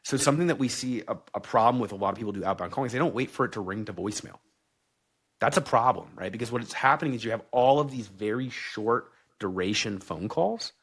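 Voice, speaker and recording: A man speaks as a podcast guest in an easygoing, frank way. He is blunt and throws in plenty of "like" while he explains things. His voice sits at a middling pitch. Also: quick pace, a bit bright, husky. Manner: candid, blunt, casual with lots of "like". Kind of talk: casual podcast chat.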